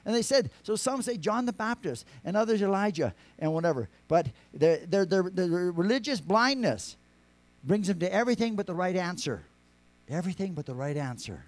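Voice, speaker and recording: A man preaching a sermon, rambling with many restarts, rising to emphatic lines and dropping to quiet asides. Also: high-pitched, lively intonation, moderate pace, no echo. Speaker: pastor.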